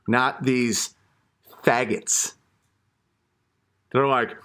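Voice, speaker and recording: A man's voice: fairly high pitch, lively intonation, normal speed, fairly bright tone. Man in a crude mocking rant.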